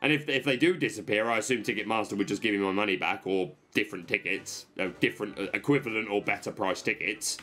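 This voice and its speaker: A man's voice: fairly low pitch, fast talker, few pauses, bright, forceful tone, faint music behind. A man co-hosting a let's-play, rambling through a story in casual chat and often restarting his sentences. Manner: rambling, self-interrupting storyteller.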